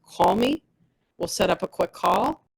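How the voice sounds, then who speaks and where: A woman's voice: mid-range voice, lively intonation, measured pace, gravelly, breathy edge, low-quality recording. A woman giving a personal testimonial as a product rep, telling her story with animation and acting out the dialogue of others.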